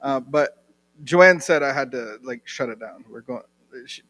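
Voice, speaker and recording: A man closing a church service, relaxed and joking, talking informally with pauses and restarts. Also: medium pitch. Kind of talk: informal sermon talk.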